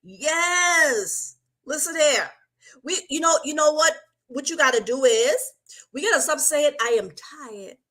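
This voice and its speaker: A woman hosting a talk show for wives as a marriage coach, talking to her listeners in a lively, casual way and often asking "right?". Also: sits high, a little slow. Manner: animated, repeats "right?" and "y'all" often.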